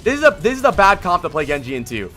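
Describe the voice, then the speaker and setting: Blunt, bright-voiced man reviewing gameplay. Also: high voice, very animated, fast talker, soft background music. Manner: blunt, exasperated, swears and shouts at the player. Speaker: streamer doing vod reviews. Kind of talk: livestream game vod review.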